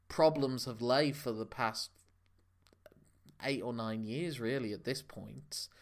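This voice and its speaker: Knowledgeable man hosting a podcast. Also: medium pitch. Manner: knowledgeable, long explanatory runs. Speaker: podcast co-host. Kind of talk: casual wrestling podcast chat.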